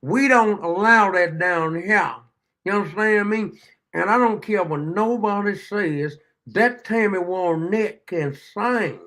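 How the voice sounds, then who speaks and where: A man playing a bossy, tobacco-chewing country redneck who gives slow, drawling orders. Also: sits high, pushed and bright, full character voice. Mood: stern.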